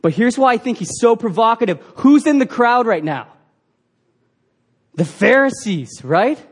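A man's voice: extremely high pitch, big pitch swings, a little slow, breathy edge. A man preaching a sermon as pastor, earnest and emphatic, asking the congregation rhetorical questions.

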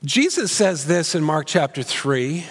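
A male pastor preaching an expository sermon in a church sanctuary, animated, moving between loud and hushed delivery. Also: on the high side, unhurried. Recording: long hall reverb.

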